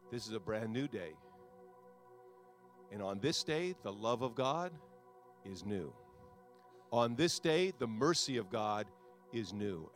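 Fervent pastor leading a prayer. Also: male voice, medium pitch. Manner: rising to loud fervent prayer; repetitive, exhorting cadence. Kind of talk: sermon altar call and prayer.

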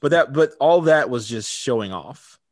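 A man's voice: medium pitch, normal speed, no room sound, studio quality. A man co-hosting a podcast, casually retelling a TV episode and laughing often as he talks. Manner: laughs often, relaxed storytelling. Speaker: podcast co-host. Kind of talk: casual chat recapping a TV episode.

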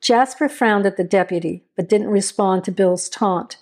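Woman, story narrator, even measured reading, mid pitch.

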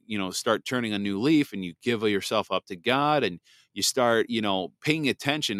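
A man's voice: lowish voice, animated, normal speed, fairly bright tone, no echo, studio quality. A man in his thirties hosting a podcast, telling a personal faith testimony in a candid, rambling way with many restarts. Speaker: podcast host.

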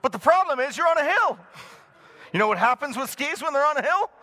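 Brief: middle-aged man, pastor preaching, high voice, chuckles through a story. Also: a little fast. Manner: animated storytelling, chuckling often. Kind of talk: sermon with a personal story. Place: in front of a live congregation.

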